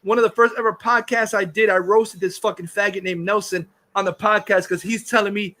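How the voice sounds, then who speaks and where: A man's voice: high-pitched, fairly even intonation, a little fast, pushed and bright. A man hosting a livestream, ranting casually in a heated, profane, insulting way. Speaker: livestream host.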